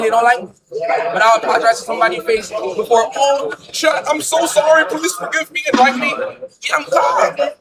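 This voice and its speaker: Brash high-voiced male streamer. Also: far from the mic, poor audio. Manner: brash, joking, crude. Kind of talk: casual stream banter.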